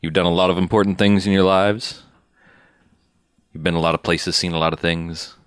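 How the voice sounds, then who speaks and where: A man co-hosting a podcast, reading the show's contact details in an over-the-top pitchman delivery. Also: fairly even intonation, normal speed, smooth, dry recording, studio quality. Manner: mock-grandiose pitchman delivery for plugs. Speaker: podcast co-host. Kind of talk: casual chat.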